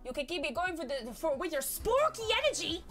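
A bubbly woman streamer with a high, bouncy voice that swings up and down as she greets her chat. She talks loud and giggly over faint game music. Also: very animated, fairly quick. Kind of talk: casual live-stream chat.

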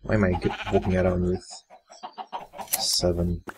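Guy with a deep gravelly voice mumbling through a video game, slow and laid back. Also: little pitch movement, background noise. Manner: muttering thoughts aloud to himself. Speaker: let's play gamer. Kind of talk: casual gameplay commentary.

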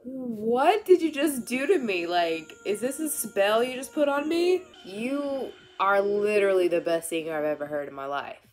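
Female reactor, mid-pitched, emotional, addresses the performer. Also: animated, moderate pace, few pauses, soft background music. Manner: emotional, speaks to the singer directly. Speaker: music reactor. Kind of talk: reaction commentary.

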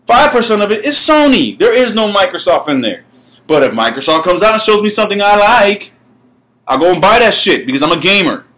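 A man's voice: high-pitched, lively intonation, brisk, fairly bright tone. A man who runs a gaming channel, ranting to camera in a heated, profane way and repeating his words when he gets worked up. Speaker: gaming YouTuber. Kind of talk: ranting vlog.

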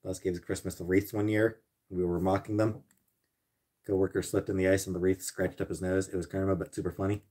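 A man's voice: low voice, flat delivery, fairly quick, a little mellow. A man streaming live, chatting casually with his viewers and answering them by name, sarcastic and grumbling, with plenty of swearing. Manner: answers chat messages by name. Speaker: livestreamer answering chat.

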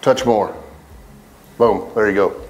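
A country singer appearing as an interview guest chats casually while playing golf outdoors, telling loose, laughing stories and swearing freely. His voice is lowish and he takes it slowly, with faint music under the talk.

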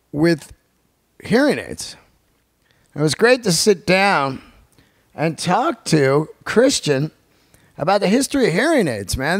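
A man's voice: fairly high pitch, creaky, dry recording, clean studio sound. A man, hosting a podcast in a loose, profane, rambling monologue. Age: 50s. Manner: profane, rambling, animated storytelling. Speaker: podcast host. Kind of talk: casual monologue.

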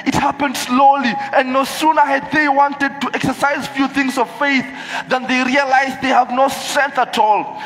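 A man preaching an animated sermon to a church congregation, acting out the voices of the people he quotes. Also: very high voice, slight background noise. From Kenya. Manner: animated, switches into Swahili, acts out quoted voices. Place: church hall. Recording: echoey church hall with music.

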